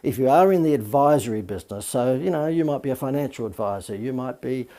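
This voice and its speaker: A man's voice: mid-range voice, expressive, fast, dark tone. A man teaching a business marketing lesson as a coach, talking in a chatty, informal way with many fillers and asides.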